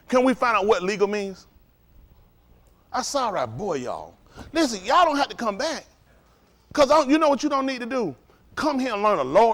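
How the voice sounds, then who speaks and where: Fiery and preacher-like, a man teaches a religious study group, using profanity, provoking listeners, and firing rhetorical questions at them. His voice is high-pitched with a fairly bright tone.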